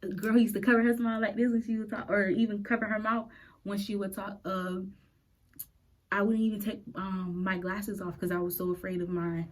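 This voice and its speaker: A woman in her late twenties hosting a podcast. She tells her personal faith story in an earnest, halting way and is close to tears. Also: medium pitch, level tone, low-quality recording. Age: late 20s. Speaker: podcast host.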